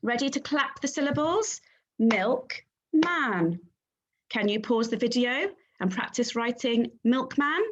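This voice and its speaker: A woman teaching a phonics lesson to young children, sounding out letters and syllables clearly and praising the class. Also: a little high, moderate pace, hardly any pauses. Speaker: primary school teacher.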